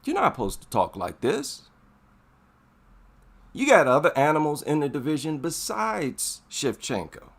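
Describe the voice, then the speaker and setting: A man's voice: on the high side, wildly swooping pitch, unhurried, creaky, slightly rough. A man giving casual, emphatic commentary, repeating his points for effect. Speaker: MMA commentary vlogger.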